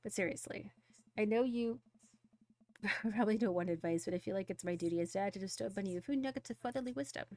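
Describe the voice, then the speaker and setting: A woman voicing a gentle dad who gives his teenage daughter earnest, reassuring advice while reading a game's dialogue aloud. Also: mid-range voice, fast, natural voice.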